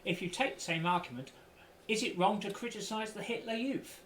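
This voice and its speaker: A man's voice: high-pitched, fairly quick, a crowd in the background. A man guest on a political podcast, making dry, wry remarks. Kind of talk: casual political discussion. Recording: roomy and distant from the mic, faint ambience.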